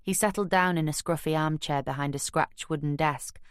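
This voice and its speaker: A woman narrating a crime audiobook in the first person, measured and wry, recorded close on a studio mic. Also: low-pitched, smooth, dry recording.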